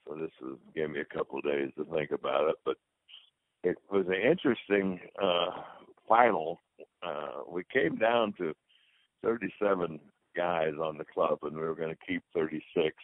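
An older man, a retired football player, speaks in a bass voice at normal speed as an interview guest. He tells rambling, casual anecdotes and acts out the dialogue, heard in a dry, lo-fi, phone-like recording without room sound.

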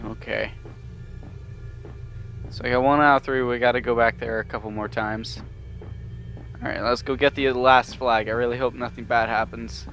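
A man's voice: mid-range voice, steady tone, moderate pace, pauses often, fairly bright tone, soft background music. A man giving nervous, jumpy let's-play commentary on a horror game he is playing. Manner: jumpy, nervous, swears mildly, yelps when startled.

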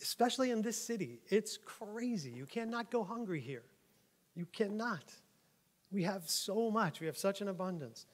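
A man's voice: high voice, expressive, normal speed. A man preaching a casual, joking sermon in church, often checking in with his listeners as he talks. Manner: chatty, joking, keeps asking "right?". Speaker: pastor. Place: church sanctuary. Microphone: microphone.

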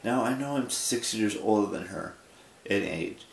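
Male vlogger, 20s, sleepy, halting and rambling, slightly low voice. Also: lively intonation, creaky, echoey room. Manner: rambling, halting, with many restarts. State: sleepy, yawning. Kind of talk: casual late-night vlog monologue.

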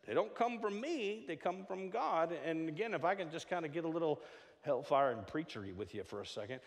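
A middle-aged man preaching a sermon in a church, joking and stammering through quick restarts. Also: on the high side, creaky. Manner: animated, jokey preaching with frequent stammered restarts. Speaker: pastor. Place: church sanctuary. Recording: long hall reverb.

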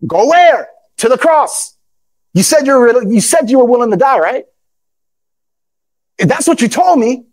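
High-voiced man preaching with fervor. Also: animated, measured pace, long pauses. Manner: call-and-response preaching, often bursts into shouts; reads scripture aloud in old formal English. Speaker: pastor. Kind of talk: sermon.

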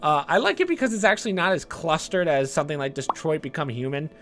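An excitable man streams a game and talks casually to his viewers. His voice sits high and he swears now and then. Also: quick pace, faint music behind. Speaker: gaming streamer. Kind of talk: casual gameplay commentary.

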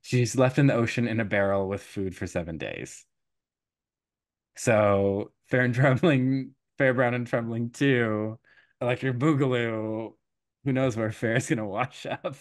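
Podcast host, male, young adult, mid-pitched, chatty storyteller who slips in and out of character voices. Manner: animated storytelling, quick quoted voices, frequent laughs and fillers. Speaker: podcast host retelling a folktale. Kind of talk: casual chat.

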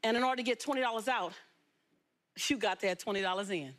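A woman from Los Angeles, a talk show guest telling her life story in an animated, emphatic way. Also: medium pitch, fast. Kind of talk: storytelling interview.

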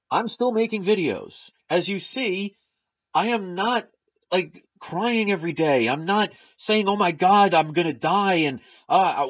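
A man with a fairly high voice rants emphatically, mixing in sarcastic jabs. He talks straight to his viewers in a vlog monologue, and the recording sounds dull and lo-fi. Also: breathy edge. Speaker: channel host.

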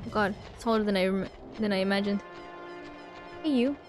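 A woman's voice: medium pitch, fairly quick, soft background music. A woman casually commenting on her own gameplay, chatting back at the characters on screen. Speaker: let's play host.

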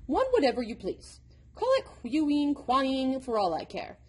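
A woman's voice: high voice, very animated, a little slow, a little mellow, husky, voice pushed up, full character voice. A woman voicing an impish, impatient male number devil who lectures like a know-it-all, in a storybook reading. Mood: lecturing.

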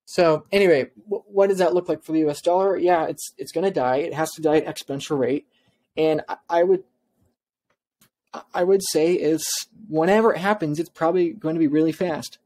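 A man's voice: fairly high pitch, a little fast, a little mellow. A man speaking as a podcast guest, emphatic and insistent, stumbling over his words in his rush to make his point. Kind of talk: podcast interview talk.

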